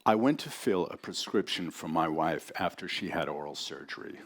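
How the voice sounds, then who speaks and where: A man introducing a friend and then reading his story aloud to a live audience, in a relaxed, conversational and dry way. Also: sits low, moderate pace.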